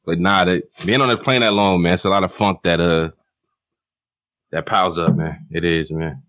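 Low-voiced man in a dry room. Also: steady tone, moderate pace, a bit bright, dry recording. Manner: laid-back slang, frequent restarts and laughs. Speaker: podcast co-host. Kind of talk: casual chat.

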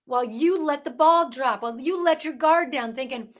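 A woman with a high, bright-pitched voice delivers fervent Christian commentary as a podcast host. She hammers her points with rhetorical questions and urgent calls to wake up, swinging between loud emphasis and hushed asides. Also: normal speed. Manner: parent.

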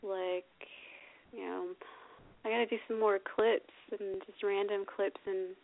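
A woman's voice: mid-range voice, steady tone, a little slow, creaky. A young woman hosting a casual call-in radio interview, chatty and giggly, often hesitating with ums. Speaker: radio show host. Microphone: phone line. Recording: tinny phone line.

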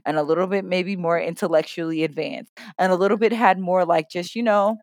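A woman's voice: lowish voice, steady tone, brisk, darkish tone, no room sound. A woman in her thirties co-hosting a podcast in casual chat, blunt and profane, repeating phrases for emphasis. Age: 30s. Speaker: podcast co-host.

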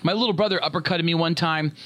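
A man co-hosting a podcast, telling crude stories in an animated, casual way. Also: on the high side, quick pace. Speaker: podcast co-host. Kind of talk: casual chat.

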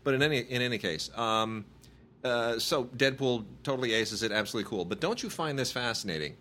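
A man's voice: mid-range voice, fairly quick, pushed and bright, a little hiss or hum. A man in his thirties, a podcast co-host, chatting casually about movies and rambling with many restarts. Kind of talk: casual chat reviewing movies.

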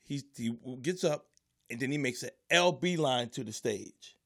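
A man's voice: medium pitch, animated, normal speed, vocal fry. A man who is a stand-up comedian, casually telling a story and acting out the voices and noises of the people in it.

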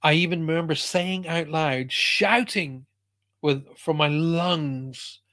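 A man's voice: a little high, takes it slowly, pushed and bright. A man, a psychic medium answering a listener's question and telling a personal story in an earnest, emphatic way, often restarting his sentences. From Ireland.

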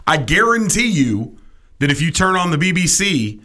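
A middle-aged man riffing in a loose comedic chat, his voice bright and forceful. He rants with mock indignation, and his pitch swings widely as he makes his points. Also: sing-song, moderate pace. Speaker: podcast co-host.

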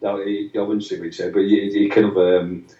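A man with a lowish voice tells stories as an interview guest, circling back and restarting often. He slips into the voices of the people he quotes. He sits away from the mic in a roomy space, and the sound is dull. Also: flat delivery, brisk, dark tone, distant mic. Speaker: musician guest. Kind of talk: anecdotal interview chat.

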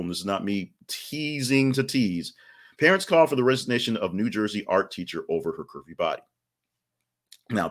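Male podcast host, deep voice, chatty news rundown with wry asides. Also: fairly bright tone. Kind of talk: casual news commentary.

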